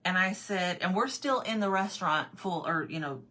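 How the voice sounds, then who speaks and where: A woman with a slightly husky, bright-edged voice chats through a rambling personal anecdote. She sits on the lower side of the pitch range for a woman, keeps circling back with repeated phrases, and breaks into laughter as she talks, casual and chatty throughout. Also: moderate pace. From Arizona. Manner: animated, repeats "I said", laughs often. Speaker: vlogger. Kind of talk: casual storytelling.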